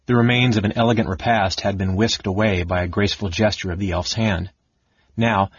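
A man narrating a fantasy audiobook with a steady storytelling delivery. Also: on the low side, slightly rough, no echo. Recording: dull, dry lo-fi audiobook recording.

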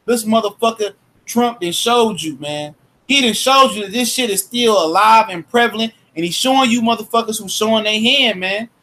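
A man's voice: high voice, normal speed, bright, forceful tone. A man talking bluntly in casual profane chat, tacking "man" onto his lines. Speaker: former fire marshal.

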